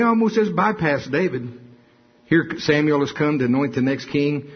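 A man delivers a sermon in a deeply husky, breathy voice. He reads scripture with drama, acts out the quotes and chuckles between lines. The recording is dull and lo-fi. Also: fairly quick. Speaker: preacher.

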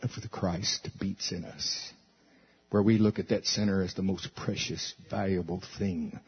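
A male pastor preaching at a church service, animated and swinging between loud and soft. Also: low-pitched, unhurried, husky. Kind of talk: sermon. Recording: dull lo-fi recording.

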